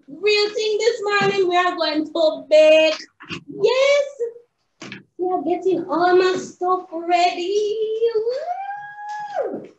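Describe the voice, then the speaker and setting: A woman teaching young children in a sing-song, excitable way, recorded indoors. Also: high-pitched, slight background noise. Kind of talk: animated lesson for young children. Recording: roomy, slightly dull home video.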